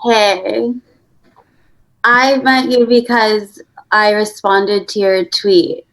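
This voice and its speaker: A woman's voice: mid-range voice, flat delivery, a bit bright, poor audio. An actor playing an eager young woman guest who drawls and fills her talk with 'like'. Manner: slow, filler-heavy, valley-style 'like' talk.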